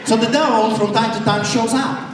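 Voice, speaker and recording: A man's voice: very high voice, steady tone, brisk, background noise. A man preaching an impassioned sermon as a pastor, fiery and defiant with mocking asides. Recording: echoey hall, far from the mic, faint ambience.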